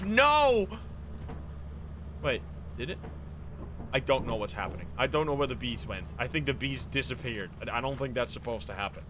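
Male game streamer, mid-pitched, casual and profane, jumps from mumbles to shouts, noisy stream audio. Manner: swears, exclaims loudly when surprised, then mutters low. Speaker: streamer playing a co-op game with friends. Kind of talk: casual live game chat.

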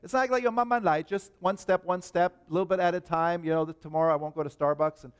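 A pastor preaching a sermon in a church, talking in an animated, emphatic way. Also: male voice, high voice, fast, clean tone. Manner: animated, emphatic, rising to stress points.

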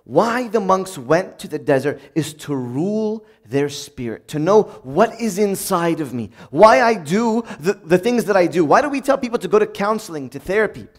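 A man preaching a sermon in a conversational way, reading from old sayings and acting out everyday moments in a bright, upbeat voice. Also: sits high, sing-song, moderate pace, few pauses.

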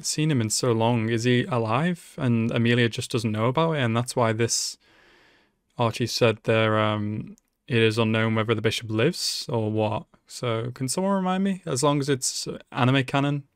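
A man's voice: medium pitch, normal speed, no room sound, studio quality. A man giving emotional live reaction commentary on an anime, swearing freely and talking back to the screen. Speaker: anime reaction channel host.

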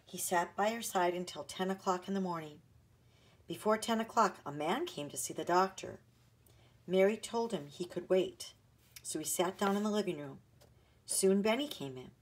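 A woman reading a children's chapter book aloud with an expressive storytelling manner. Her voice is lowish and a little husky, and it moves lively through the pitches. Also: normal speed. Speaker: narrator.

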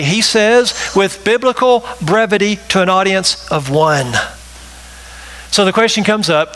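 A man's voice: high-pitched, pushed and bright, low-quality recording. A male pastor delivering a sermon, emphatic and repetitive, often checking in with the congregation with a rhetorical "right?".

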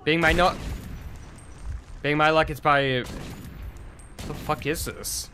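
A man's voice: fairly high pitch, fairly even intonation, slow, pushed and bright, slight background noise. A young man giving gameplay commentary, frustrated and swearing as he mutters to himself. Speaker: gaming video host.

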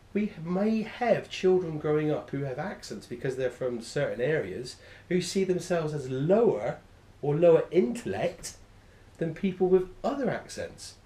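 A man's voice: fairly high pitch, dark tone. A man teaching a class, enthusiastic and rambling, often correcting himself mid-sentence. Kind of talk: classroom lecture. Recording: echoey room.

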